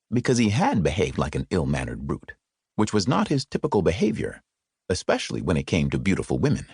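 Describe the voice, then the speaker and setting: Deep, gravelly male audiobook narrator. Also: no echo, studio quality. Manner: expressive, wry storytelling. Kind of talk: scripted narration. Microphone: close studio mic.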